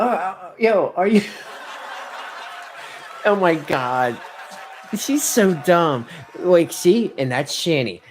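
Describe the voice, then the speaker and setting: A man hosting a casual reaction video, animated and incredulous, laughing often as he mocks what he watches. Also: mid-range voice, slight background noise. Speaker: reaction commentary host.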